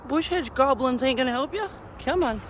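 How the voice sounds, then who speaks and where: Coaxing woman, lively high voice. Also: a little fast. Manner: coaxing and affectionate, laughs often. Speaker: vlogger walking her cat on a leash. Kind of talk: casual talk to her pet. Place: outdoors on a suburban street. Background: faint street and traffic noise.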